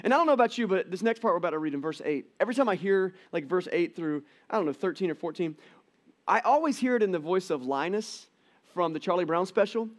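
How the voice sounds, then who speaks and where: Middle-aged guy preaching casual, kinda high voice, acts out little voices. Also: fast. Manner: conversational, animated storytelling with quoted voices. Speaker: pastor. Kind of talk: sermon. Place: church auditorium.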